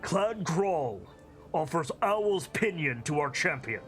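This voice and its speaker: A man voicing a reverent male Goliath clan leader who speaks in a low, grave, respectful way. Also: sing-song, slow, a bit bright, soft background music, heavily acted. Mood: ceremonial.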